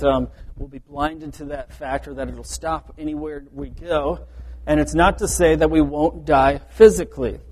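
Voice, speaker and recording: A man's voice: fairly high pitch, a little mellow. A man preaching a sermon, explaining verse by verse in an earnest way and often restarting his phrases. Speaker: pastor. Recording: reverberant hall.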